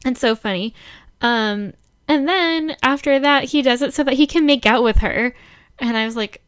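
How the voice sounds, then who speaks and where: A woman co-hosting a casual chat, recapping a drama with lots of laughs and quick quoted asides. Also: high voice, smooth. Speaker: podcast co-host recapping a drama.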